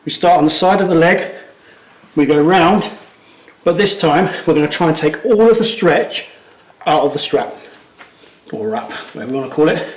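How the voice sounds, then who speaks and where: A man's voice: on the high side, expressive, normal speed, pauses often. Slightly breathless male coach in echoey room. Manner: instructive, step-by-step, trails off quietly at phrase ends. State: out of breath from pulling. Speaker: strength coach. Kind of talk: hands-on demonstration.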